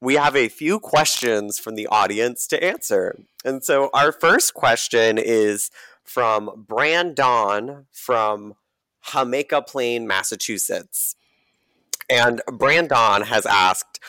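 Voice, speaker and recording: A man co-hosting a casual podcast chat, laid-back and wry, sometimes dropping into a low mumble. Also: slow, sharp tone, dry recording. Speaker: podcast co-host.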